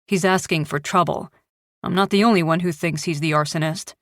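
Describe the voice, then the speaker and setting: A woman's voice: fairly low pitch, fairly even intonation, fairly quick, fairly bright tone, no echo, clean studio sound. A woman voicing a curt, insistent middle-aged man, a perpetually annoyed ex-husband, in a thriller audiobook. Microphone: close studio mic.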